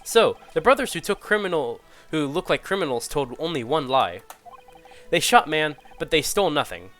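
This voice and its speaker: A man's voice: on the high side, sing-song, moderate pace, fairly bright tone, faint music behind. A man putting on a blunt juror with broken English. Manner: stiff broken English, dropped articles, emphatic.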